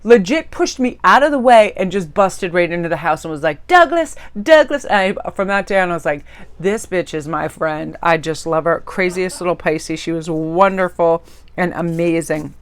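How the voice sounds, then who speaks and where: A woman's voice: lowish voice, normal speed, clear, resonant tone. A woman tarot reader chatting casually as she shows a tarot deck, gushing and rambling.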